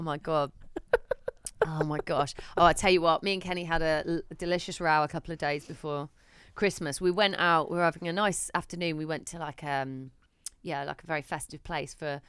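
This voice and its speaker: A woman, co-hosting a casual podcast and telling a story in an animated way, swearing now and then and acting out what people said. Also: low-pitched, moderate pace, clear, resonant tone, dry recording, clean studio sound. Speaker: podcast co-host. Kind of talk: casual chat.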